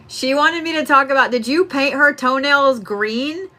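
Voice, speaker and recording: A woman's voice: high-pitched, takes it slowly, sharp tone. A young woman giving a casual psychic reading, laughing often and swearing freely. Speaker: psychic medium. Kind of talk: live-stream reading.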